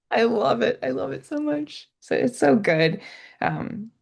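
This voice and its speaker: Giggly young woman with gravelly fry. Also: fairly high pitch, a little slow. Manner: giggly, animated retelling with acted quotes. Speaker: podcast co-host. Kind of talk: casual chat.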